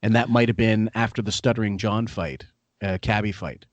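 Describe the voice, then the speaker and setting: Man, podcast host, lower voice, blunt and dismissive, dry close recording. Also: moderate pace, no echo, dull audio. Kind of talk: casual podcast discussion.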